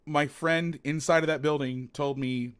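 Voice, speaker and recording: A man's voice: a little high, steady tone, measured pace, a bit bright, clear, resonant tone. A man hosting a football film breakdown, talking casually and animatedly, swearing, rambling with restarts.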